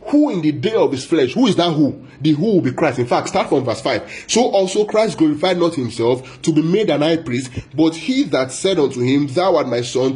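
A man preaching a Bible sermon, repeating phrases for emphasis, asking the listeners questions and stretching key words out slowly. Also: fairly high pitch, darkish tone.

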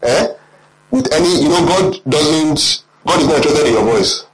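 Animated Nigerian preacher, lively pitch. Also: male voice, normal speed, rough recording. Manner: animated, quizzing the congregation. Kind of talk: sermon.

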